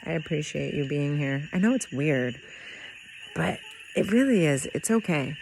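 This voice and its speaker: A woman's voice: low-pitched, lively intonation, normal speed, vocal fry, darkish tone, a little hiss or hum, rough recording. A woman vlogging to the camera in an earnest, rambling way, laughing often as she talks through her feelings. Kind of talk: heartfelt personal talk to camera. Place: in Puerto Rico.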